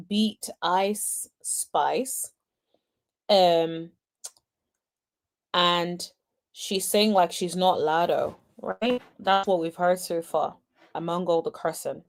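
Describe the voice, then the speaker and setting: A woman's voice: fairly low pitch, fairly even intonation, takes it slowly. A woman hosting a casual reaction commentary, speaking to her viewers with chatty, exasperated asides. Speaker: host.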